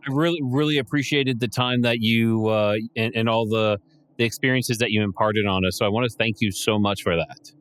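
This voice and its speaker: A man hosting a podcast interview, halting and grateful, often stumbling and restarting. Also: on the low side, steady tone, smooth. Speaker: podcast host. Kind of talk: interview conversation.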